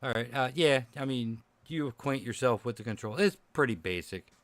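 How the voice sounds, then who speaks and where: A man's voice: mid-range voice, animated, brisk, dry recording. A man narrating as game master of a tabletop game, loose and chatty, laughing often.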